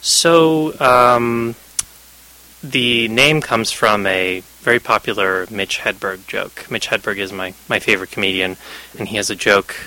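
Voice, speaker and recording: A man's voice: on the low side, a little slow, sharp tone, rough recording. A young man being interviewed on the radio, explaining his ideas thoughtfully with occasional fillers. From Canada. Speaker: guest, magazine editor.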